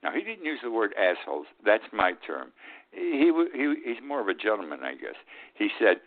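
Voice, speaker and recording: A man's voice: fairly low pitch, very animated. An older man from upstate New York hosting a radio talk show, giving a blunt, sarcastic commentary monologue and often tagging on "okay?". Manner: blunt, sarcastic, drawn-out emphasis with frequent "okay?". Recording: tinny phone-like radio audio.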